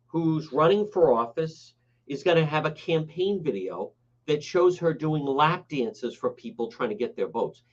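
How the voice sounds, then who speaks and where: A male talk radio host rants in a combative, mocking way, his voice sitting a bit high and swinging widely up and down. The audio sounds dull and muffled, like an AM broadcast. He scolds and scoffs in turn. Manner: blunt, sarcastic, scolding. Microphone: studio broadcast mic.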